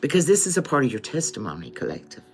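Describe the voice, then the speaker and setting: A woman's voice: deep voice, huge pitch swings, quick pace, soft background music. A woman giving a live-stream tarot reading, addressing her viewers as "collective" and checking in with "okay?" often. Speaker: tarot reader.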